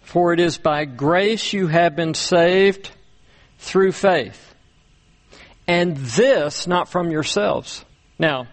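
A man preaching a sermon, speaking deliberately with frequent pauses and repeated words as he walks through scripture. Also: fairly high pitch. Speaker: pastor.

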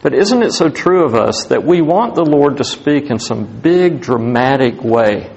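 A man preaching a sermon as pastor, animated, rising to emphatic highs and dropping to hushed tones. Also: measured pace, creaky, breathy edge, poor audio.

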